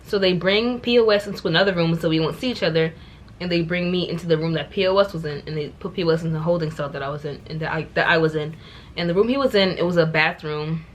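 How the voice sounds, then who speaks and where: Animated young New woman telling a story. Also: on the low side, fast talker, slight background noise. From New York. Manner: animated, exasperated, repeats words for emphasis. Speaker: vlogger. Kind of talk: casual storytime.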